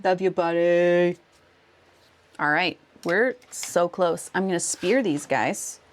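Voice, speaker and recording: A woman's voice: lowish voice, slow pace, a little hiss or hum. A woman streaming live, chatting casually with viewers while she works on a craft, laughing often and talking herself through each step. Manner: giggly, thanks viewers warmly, talks to herself while working.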